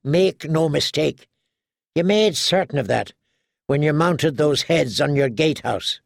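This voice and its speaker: A man voicing a calm, scornful woman warrior, an older sister, cutting and mocking. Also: on the high side, measured pace, creaky, no room sound, clean studio sound.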